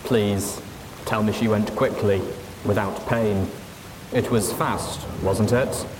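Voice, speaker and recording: A sad, gentle male dragon speaking through a robot, as a narrator puts him on. He talks very slowly in a lowish voice, pausing as he goes. Rain and hiss are plainly heard behind him. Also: fairly even intonation. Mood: sorrowful.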